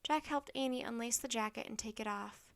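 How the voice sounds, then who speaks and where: A woman reading a children's chapter book aloud in a steady, clear narration. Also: a little high, fairly quick. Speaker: storybook narrator.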